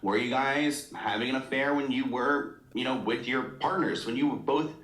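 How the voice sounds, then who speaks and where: A man's voice: mid-range voice, normal speed, very noisy. A man narrating a celebrity gossip video, reading viewer comments aloud with strong opinions. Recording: roomy echo.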